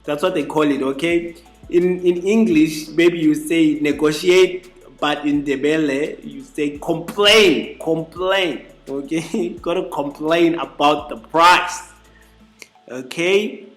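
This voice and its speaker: A man teaching a casual spoken lesson, repeating each phrase slowly and adding chatty asides. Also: fairly high pitch. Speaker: language teacher. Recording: echoey room with faint music.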